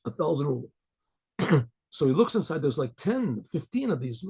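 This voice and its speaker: A man's voice: on the high side, very animated, normal speed, warm tone, breathy edge. A male rabbi telling a folk story in a loose, conversational way, restarting his sentences often.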